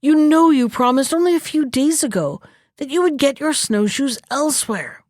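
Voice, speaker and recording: A woman's voice: high voice, animated, normal speed, darkish tone, no room sound, clean studio sound, voice pushed up. A woman voicing an anxious magpie who pleads in a trembling voice, as in a storybook read aloud. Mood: anguished.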